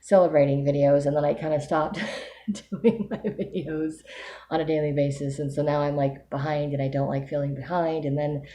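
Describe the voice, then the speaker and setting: A woman with a low, mellow voice records a casual video diary. She speaks candidly and reflectively, thinking aloud. A faint hiss sits under her voice. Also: fairly even intonation, normal speed. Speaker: vlogger giving a weekly update.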